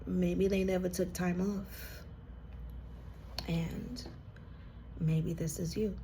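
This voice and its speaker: Her voice sits on the low side, warm and fairly flat in pitch, and she speaks slowly with long pauses. An intuitive card reader, she gives an earnest collective reading to the viewer, moved near tears at moments, with slight hiss or hum present.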